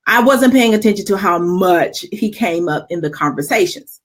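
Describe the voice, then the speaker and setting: Middle-aged woman talk co-host, mid pitch, animated storyteller. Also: normal speed. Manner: animated storyteller, laughs often. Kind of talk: casual chat and personal storytelling.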